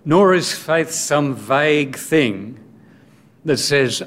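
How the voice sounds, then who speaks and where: A man preaching a sermon in a deliberate way, posing rhetorical questions. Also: a little high, expressive.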